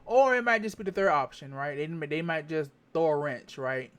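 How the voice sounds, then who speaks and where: A man's voice: on the high side, normal speed, fairly bright tone. Rambling man giving political commentary. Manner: rambling, repeats phrases, stops to check facts. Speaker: vlogger.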